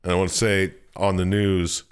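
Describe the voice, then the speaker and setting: A man with a very low voice talks through a story in a relaxed, rambling podcast chat. He swears freely and laughs easily along the way. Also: normal speed, clear, resonant tone. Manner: loose, profane storytelling with frequent laughs. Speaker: podcast co-host. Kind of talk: casual chat recapping a video game.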